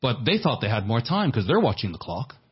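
Male pastor, husky and earnest, repeats words mid-sermon; muffled, lo-fi capture. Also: mid-range voice, big pitch swings, brisk. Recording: dull lo-fi sermon recording.

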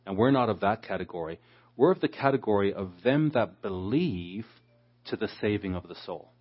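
Husky low-voiced man teaching scripture. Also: lively intonation, normal speed. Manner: expository, acts out quoted speakers. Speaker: preacher. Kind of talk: Bible teaching. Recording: dull lo-fi sound.

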